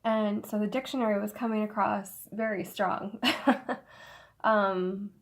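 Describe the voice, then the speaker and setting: A woman gives a casual tarot reading in a voice gone slightly hoarse. Her speech is halting and full of fillers, broken by soft laughs. Her pitch sits in an ordinary middle range. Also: fairly even intonation. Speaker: tarot reader. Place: indoor room with incense smoke.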